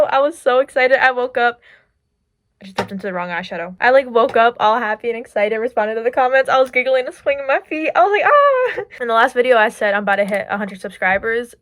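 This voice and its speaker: A woman's voice: on the high side, a bit bright, no room sound. A young woman vlogger telling stories in a chatty, giggly way, with lots of "like", while doing her makeup at home. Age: young adult. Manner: chatty, giggly, filler-heavy "like". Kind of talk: casual storytelling chat.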